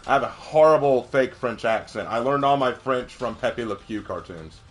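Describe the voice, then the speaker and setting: A man streaming a game with casual commentary, chatty and quick to laugh, telling stories with energy. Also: medium pitch. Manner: chatty, laughs often, animated storytelling.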